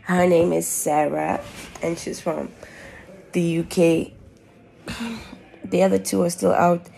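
A woman's voice: lowish voice, fairly even intonation, slow pace, vocal fry, mellow, a little hiss or hum. A young woman with a Namibian English accent, chatting casually in a travel vlog, slangy and full of fillers. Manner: chatty, slangy, lots of "like" and "bruh". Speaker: travel vlogger.

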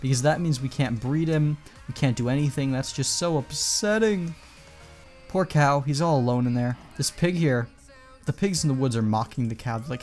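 A man's voice: mid-range voice, normal speed, darkish tone, soft background music. A man giving casual, rambling commentary over his own gameplay, chatting to viewers and coaxing in-game animals along.

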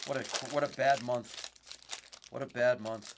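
A man hosting a card break, joking and mournful, swinging from low mutters to loud cravings. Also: fairly even intonation, a little slow, background noise. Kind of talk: casual live card-break chat.

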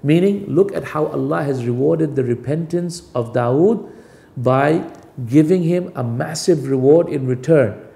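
Man, sermon, gravelly voice, dark tone, verse-by-verse explanation. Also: on the high side, unhurried. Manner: recites Arabic verses and explains them line by line, rhetorical questions. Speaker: Islamic preacher. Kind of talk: sermon with Quranic recitation and translation.

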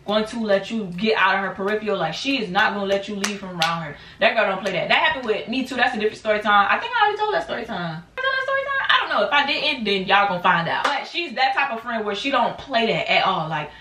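A woman in her twenties telling a casual storytime on her channel, acting out quotes in animated bursts. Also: mid-range voice, fast talker, few pauses, a little hiss or hum. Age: 20s. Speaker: vlogger. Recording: echoey room, mic at a distance.

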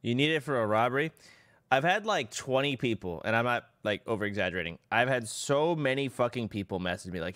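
A man's voice: lowish voice, fast, a bit bright, no room sound. A young man chatting casually on a livestream, rambling and swearing freely. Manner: rambling, profane, exclaiming.

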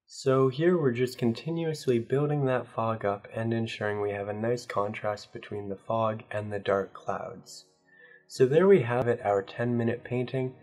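A man with a sick, hoarse voice calmly explaining each step of a painting tutorial as he works. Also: medium pitch, normal speed, soft background music. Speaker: painting instructor. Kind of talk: real-time tutorial narration.

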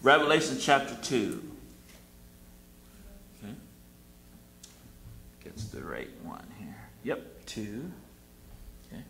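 A man preaches in an easy, conversational way. He repeats short refrains and acts out prayers in his own voice. His voice is bright and sharp, and the church room echoes around him. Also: medium pitch, very animated, slow, vocal fry, long pauses. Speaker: pastor. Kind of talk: sermon. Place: church sanctuary.

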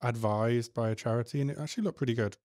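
A man hosting a podcast, chatting in a relaxed way and breaking into laughter. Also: mid-range voice, fast, no echo, studio quality. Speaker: podcast host. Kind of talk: casual chat.

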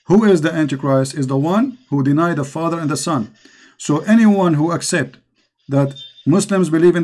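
A man's voice: on the high side, a little mellow. A man with an Arabic accent, hosting a call-in religious show and preaching with passion. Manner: impassioned, preaching. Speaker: host.

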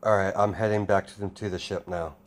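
A man voicing a kind, easygoing young soldier in an improvised fan story, speaking in a relaxed, reassuring way. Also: sits low, a little fast, close to an everyday voice.

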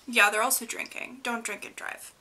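A woman's voice: a little high, steady tone, normal speed, sharp tone. A young woman casually retelling a book's plot. She rambles and says "like" a lot, laughing now and then. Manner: chatty, rambling, heavy use of "like"; laughs often while talking. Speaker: book vlogger. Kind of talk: casual book recap.

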